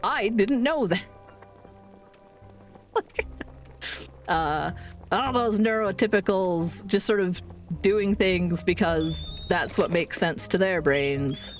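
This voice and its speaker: A woman's voice: mid-range voice, slow, long pauses. A woman in her forties chatting casually on a live game stream, rambling, swearing casually and laughing often. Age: 40s. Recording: faint music behind.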